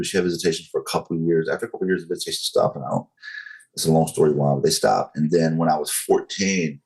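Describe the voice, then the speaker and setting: A man in his forties from North Carolina with a Southern accent, telling his story as a podcast guest in a slow, controlled way. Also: a bass voice. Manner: slow, controlled, deliberate delivery.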